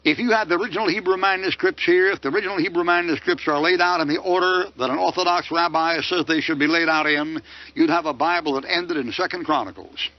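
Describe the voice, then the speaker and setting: Older man, combative preacher, high animated voice, dull lo-fi sound. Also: fast talker. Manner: combative, rhetorical questions with mocking answers. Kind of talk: sermon lecture. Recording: dull lo-fi dry recording.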